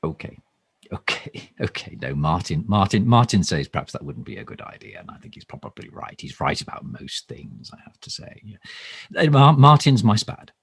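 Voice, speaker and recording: A man's voice: low-pitched, big pitch swings, normal speed, gravelly, husky, dry recording, clean studio sound, full character voice. A man playing a bumbling, pompous government minister in a mock live stream, rambling and stammering through ums and restarts. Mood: self-important. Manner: pompous, overly formal. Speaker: satirical minister character. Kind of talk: improvised comic monologue, mock live stream.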